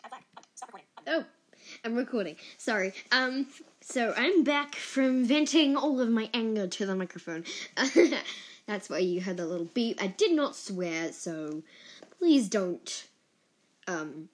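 A woman hosting her own podcast in a casual solo monologue, earnest and openly emotional, with giggles and bursts of excitement. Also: medium pitch, slow pace, pauses often. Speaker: podcast host.

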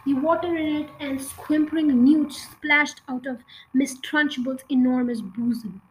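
Woman narrator, high voice, reads children's fiction aloud with small slips. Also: a little slow, a little hiss or hum, poor audio. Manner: reads with occasional slips and restarts. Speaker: audiobook reader. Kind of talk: reading a children's novel aloud.

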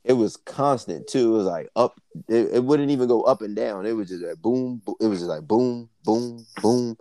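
A man's voice: on the low side, a little fast, warm tone, no room sound. A young man co-hosting a podcast, telling a long story in loose, profane casual chat full of "like" and "yo". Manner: rambling, profane, fillers of "like" and "yo". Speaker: podcast co-host.

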